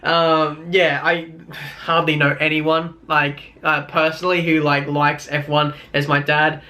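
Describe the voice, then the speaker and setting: A man's voice: on the high side, little pitch movement, measured pace, sharp tone. A young Australian man with an Australian accent ranting casually in a vlog, rambling with many fillers and wry complaints. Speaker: YouTuber.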